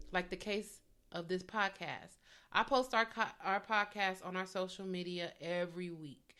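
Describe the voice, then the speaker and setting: A woman comedian hosting a solo podcast, chatting bluntly and with profanity as she retells gossip and acts out the people in it. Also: lowish voice. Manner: animated, dishes gossip with acted-out quotes.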